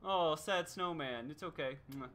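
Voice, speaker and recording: A man's voice: on the high side, measured pace, bright, forceful tone. A man streaming a video game, giving playful, chatty commentary and laughing often.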